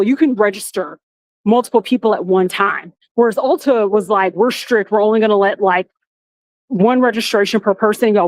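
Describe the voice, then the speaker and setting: A woman hosting a live walking vlog outdoors, telling a story in a lively, dramatic way while filming on a handheld phone. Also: no room sound. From Florida. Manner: animated, dramatic storytelling with big pitch jumps. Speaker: vlogger. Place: outdoors in a theme park.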